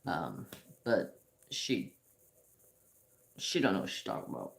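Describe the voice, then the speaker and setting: A man's voice: low-pitched, sing-song, gravelly. A man hosting a craft channel, telling rambling personal stories in casual chat while he paints at home. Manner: slow, rambling storytelling with restarts.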